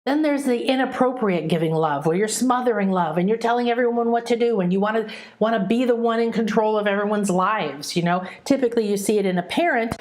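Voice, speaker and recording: Earnest middle-aged woman spiritual teacher. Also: mid-range voice. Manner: earnest, emotive, checks in with listeners. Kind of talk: heartfelt teaching monologue with personal stories.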